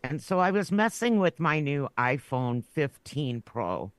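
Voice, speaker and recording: A woman's voice: sits low, sing-song, unhurried, no room sound. A woman guest on a podcast, telling a story in a rambling way and laughing through her words. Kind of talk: casual chat.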